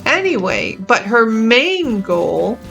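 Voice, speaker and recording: Slow, gentle woman chatting over a cozy game. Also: a little high, sing-song, creaky, muffled recording, soft background music. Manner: gentle, chatty and easily amused. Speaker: gaming channel host. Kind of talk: casual gameplay commentary.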